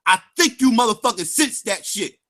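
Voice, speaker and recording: Loud, high-voiced ranting man. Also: lively intonation, normal speed. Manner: heated and confrontational, shouting and sing-song taunts; repeats phrases for emphasis. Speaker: livestream host. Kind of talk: angry profane rant.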